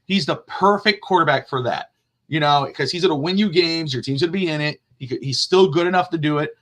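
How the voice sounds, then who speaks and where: A man hosting a casual sports talk show, rambling and jokey and quick to laugh. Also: fairly high pitch, fairly bright tone. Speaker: podcast host.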